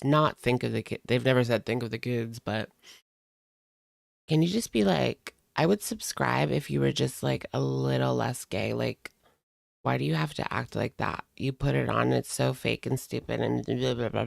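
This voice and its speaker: Chatty male streamer, heavy vocal fry, dry close sound, casual, filler-heavy. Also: mid-range voice, dry recording. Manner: chatty, frequent "like" fillers, laughs often. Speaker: livestream commentary host. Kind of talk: casual chat reading viewer comments.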